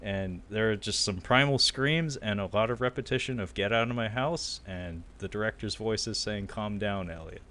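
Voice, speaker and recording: A man with a low voice co-hosts a movie podcast, walking his partner through a documentary's ending. He chats casually and breaks into quoted lines with sudden energy. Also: normal speed, hardly any pauses. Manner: animated storyteller, acting out quotes with loud bursts and laughter. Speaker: podcast co-host. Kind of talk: casual film recap chat.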